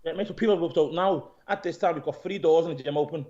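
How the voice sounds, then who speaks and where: A man, an interview guest who owns a gym, retelling events in a rambling, animated way, swearing and calling people "mate". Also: fairly high pitch, fast. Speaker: interview guest, gym owner and pro bodybuilder. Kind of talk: casual storytelling interview. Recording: dull lo-fi audio.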